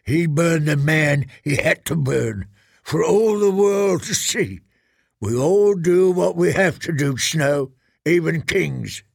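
A man's voice: a little high, animated, slow, creaky, no echo, studio quality, heavily acted. A man voicing a scruffy wildling warrior who growls mocking taunts in an audiobook. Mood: taunting growl.

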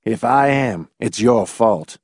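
A man's voice: mid-range voice, animated, slow, darkish tone, husky, no room sound, clean studio sound. A man voicing a bitter, resentful man who speaks in an accusing way.

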